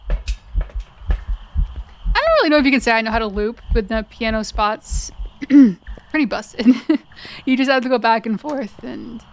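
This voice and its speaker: A woman live-streaming a video game, chatting with viewers and explaining mechanics, her voice cracking and going hoarse. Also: a little high, very animated, moderate pace, pauses often, a little hiss or hum. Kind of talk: live gaming commentary.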